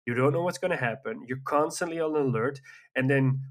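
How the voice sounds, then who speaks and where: A man's voice: mid-range voice, fairly quick. A man in casual chat as a podcast co-host, talking in a rambling, enthusiastic way with frequent fillers.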